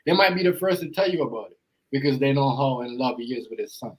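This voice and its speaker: A man's voice: medium pitch, fast, husky, poor audio. A man hosts a laid-back podcast conversation. His talk is loose and rambling, and he circles back over the same phrases again and again. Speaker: podcast host. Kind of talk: casual chat.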